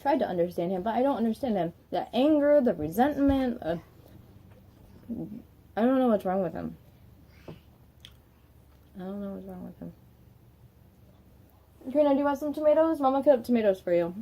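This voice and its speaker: Higher-voiced young mother venting at home. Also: animated, fast, dark tone. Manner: venting frankly, switching to a sweet coaxing tone with her child. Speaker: mother vlogging her day. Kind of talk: casual home vlog chat. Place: family home, indoors.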